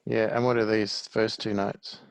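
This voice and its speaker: A gravelly-voiced man gives a one-to-one music lesson, patiently breaking each point into small steps. His voice sits a little low and is recorded close and dry, with no room sound. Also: little pitch movement, moderate pace, no echo. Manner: patient, explains step by step. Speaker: music teacher.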